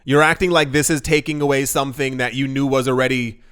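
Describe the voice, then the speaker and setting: A man's voice: medium pitch, steady tone, fast talker, a bit bright, clear, resonant tone. A young man giving casual commentary to camera, rambling with many restarts and incredulous asides. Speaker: crypto commentator.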